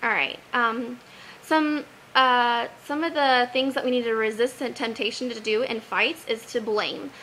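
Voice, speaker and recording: Bright high-voiced earnest young woman. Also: measured pace, a little hiss or hum, rough recording. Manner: earnest, animated, quotes Bible verses. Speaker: vlogger giving advice. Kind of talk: casual advice vlog.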